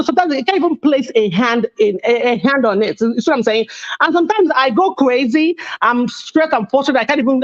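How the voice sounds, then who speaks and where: A woman in her thirties co-hosts a casual podcast panel in a high-pitched voice, captured on a muffled recording. She rambles with many restarts and asides, often saying "you see what I'm saying".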